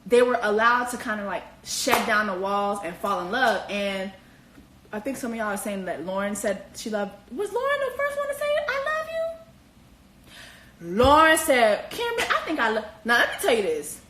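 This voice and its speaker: A woman hosting casual commentary on a reality TV show, animated and slangy, with profanity and squealing high exclamations. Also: moderate pace, roomy sound, background noise. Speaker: host.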